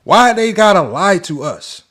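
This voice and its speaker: A man's voice: high voice, very animated, measured pace, fairly bright tone. A man hosting a sports debate show, ranting in an exasperated, mocking way and firing off rhetorical questions. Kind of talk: heated commentary rant.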